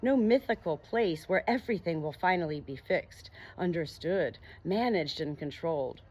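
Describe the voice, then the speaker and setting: A woman reading an audiobook, voicing a gentle, wise male monster with a soft, melodious, slow and soothing voice. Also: lowish voice, expressive, husky. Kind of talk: audiobook narration.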